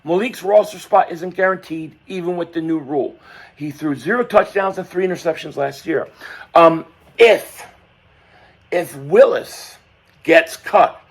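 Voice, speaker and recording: Hoarse man ranting about football. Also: a little high. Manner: opinionated, rambling with restarts and fillers. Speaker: sports channel host. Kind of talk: casual sports commentary vlog.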